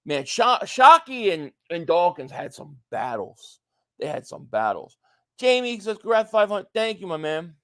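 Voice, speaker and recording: Male stream host, high voice, dry close mic, chatty, reads out viewer comments. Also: very animated, measured pace, fairly bright tone, no room sound. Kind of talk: casual live stream chat.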